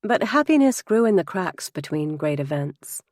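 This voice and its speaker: A woman narrating a novel in first person, measured and heartfelt, close to the mic. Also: fairly low pitch, sing-song, a little mellow, no room sound. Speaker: audiobook narrator. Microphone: close studio mic.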